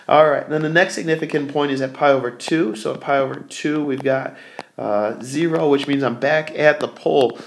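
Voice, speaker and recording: A man's voice: mid-range voice, creaky, a little hiss or hum. A man teaching a recorded math lesson, thinking aloud as he draws and correcting himself along the way.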